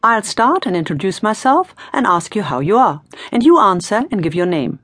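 A woman's voice: mid-range voice, big pitch swings, moderate pace, a bit bright, no room sound. A woman teaching in a scripted audiobook lesson, prompting the learner in an encouraging, playful way. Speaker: language teacher.

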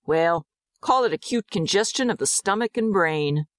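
A woman doing a brisk joking country doctor. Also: lowish voice, expressive, no room sound, clean studio sound, close to an everyday voice. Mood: jovial. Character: blunt middle-aged male country doctor.

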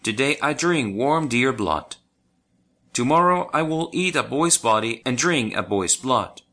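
A man's voice: mid-range voice, expressive, a little slow, bright, forceful tone. A man voicing a cruel witch who chants about eating a boy, in a children's storybook. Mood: menacing chant.

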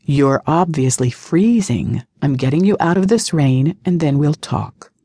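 A woman voicing a calm, commanding man with a smooth, unhurried, sarcastic tone. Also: a bass voice, no echo, clean studio sound, full character voice. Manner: slow, smooth and nonchalant.

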